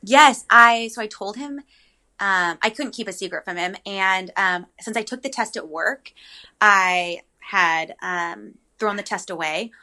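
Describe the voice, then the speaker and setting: A young woman with a bright, clear tone chats through a personal story as an interview guest. She talks in an animated, rambling way, with frequent ums and likes. Her pitch sits in the middle range for a woman. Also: unhurried.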